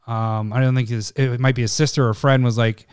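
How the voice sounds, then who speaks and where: Minnesota guy hosting a podcast, laughs a lot, smooth voice, dry sound. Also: medium pitch, little pitch movement, a little fast, no room sound. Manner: rambling, laughs often, acts out quotes. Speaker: podcast host. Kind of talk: casual podcast chat.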